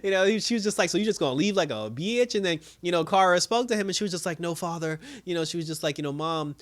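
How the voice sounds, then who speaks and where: A man hosting a show, giving a casual, animated recap of a TV episode in slangy talk and breaking into characters' lines. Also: high-pitched, quick pace. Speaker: show host reviewing a TV episode.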